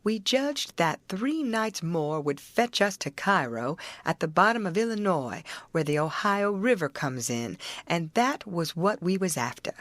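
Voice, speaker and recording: A woman reads a classic novel aloud in a lively, animated way, her fairly low voice rising and falling through the first-person story. She uses a rural dialect throughout, and the recording is close and dry. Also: dry recording. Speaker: audiobook narrator. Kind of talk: audiobook narration of a classic novel.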